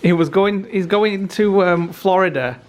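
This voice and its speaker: A man co-hosting a home vlog in casual chat, excitable and teasing, quick to laugh. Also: high-pitched. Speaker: vlogger, co-host.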